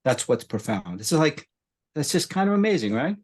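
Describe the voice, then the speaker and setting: A man's voice: fairly high pitch, very animated, fairly quick, breathy edge. An older man, a spiritual teacher, telling a story in conversation and acting out the voices he quotes.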